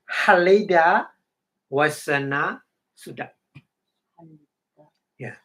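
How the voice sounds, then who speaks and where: A man whose first language is Burmese, giving a meditation dharma talk in halting English, with many fillers and repeated words, chanting Pali passages now and then. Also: mid-range voice, a bit bright. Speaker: meditation teacher.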